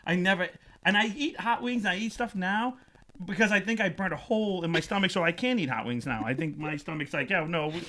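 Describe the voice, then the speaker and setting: A man with a high, bright voice that swings widely as he tells a comic story on a casual podcast. He laughs often and puts on quick voices for the people in his tale. His delivery is animated and loose throughout. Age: adult, past twenties. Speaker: podcast host.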